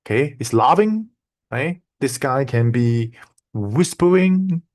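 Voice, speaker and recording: A man's voice: mid-range voice, lively intonation, slow, darkish tone. A man in the middle of a casual screen-share tutorial, talking in an everyday mid-range voice. He teaches loosely and repeats himself, often checking that his students are following along. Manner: loose, repetitive teaching with frequent "okay?" and "right?". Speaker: online course instructor.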